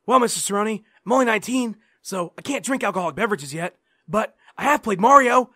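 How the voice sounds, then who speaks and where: A man's voice: sits high, animated, sharp tone, no echo, studio quality, full character voice. A man doing a naive polite teenage fighter. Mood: naive earnest. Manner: earnest, polite, slow and innocent. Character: naive polite nineteen-year-old young fighter. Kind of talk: comedy sketch impression.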